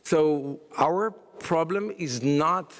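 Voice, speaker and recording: A man speaks at a conference panel, his voice sitting a little high. He hesitates often, restarting phrases around fillers. The sound rings with the long reverb of a large hall. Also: very slow. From Israel. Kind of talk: conference talk.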